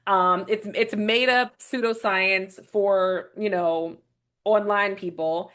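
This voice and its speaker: A woman's voice: medium pitch, takes it slowly. A woman hosting a casual video commentary, talking bluntly with strong opinions and swearing freely as she rambles through her points. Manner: rambling with restarts, animated retelling. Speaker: vlog host reviewing a documentary.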